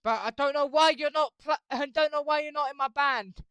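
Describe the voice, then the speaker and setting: A woman hosting her channel, rambling through made-up band lore with stammering restarts, swinging between mumbling and loud exclaiming. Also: high-pitched, fairly quick, dry recording. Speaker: channel host.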